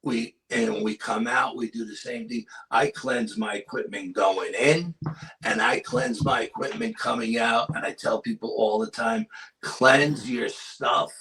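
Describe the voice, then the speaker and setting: Gravelly New York man telling a ghost story. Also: medium pitch, moderate pace. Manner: animated storyteller, acts out quotes with whispers. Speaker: paranormal and cryptid investigator, guest. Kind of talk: casual storytelling interview.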